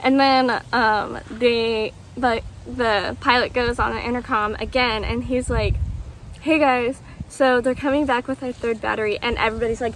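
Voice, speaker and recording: A woman's voice: a little high, fairly even intonation, normal speed, fairly bright tone, rough recording. A young woman vlogger telling a story casually, rambling with lots of ums and acted-out quotes. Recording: faint background noise.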